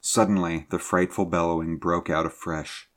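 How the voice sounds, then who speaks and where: A man reading a sea adventure story aloud in a measured, low-key narrating manner. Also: level tone.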